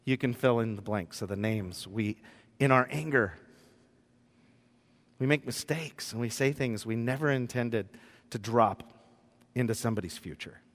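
A man pastor preaching a sermon in a room with whiteboards, telling the story in an animated way and acting out the scenes. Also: mid-range voice, moderate pace, pauses often. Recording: long reverb in a hall.

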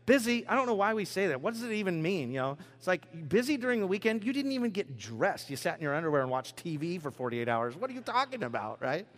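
Joking pastor preaching in a big hall. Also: male voice, on the high side, sing-song, fast, hardly any pauses. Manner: conversational, joking, acts out quoted voices. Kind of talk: sermon. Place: church sanctuary. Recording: preached in a large reverberant hall.

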